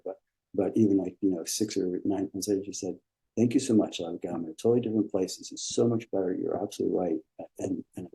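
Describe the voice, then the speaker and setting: Gravelly deep-toned man dentist guest. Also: mellow, rough recording. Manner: rambling, repetitive, encouraging. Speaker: dentist and business coach, podcast guest. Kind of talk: casual interview conversation.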